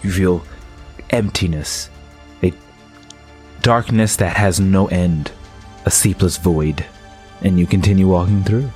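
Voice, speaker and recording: Low-voiced man narrating a dark scene. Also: faint music behind. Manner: slow, atmospheric, with restarts. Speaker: game master. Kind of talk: narrating a tabletop game.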